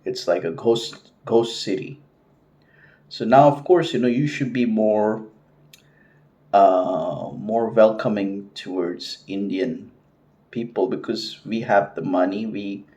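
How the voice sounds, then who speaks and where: Deep-voiced man rambling to camera. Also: takes it slowly, warm tone. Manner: rambling, many fillers and restarts. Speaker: vlogger. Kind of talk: casual talk to camera.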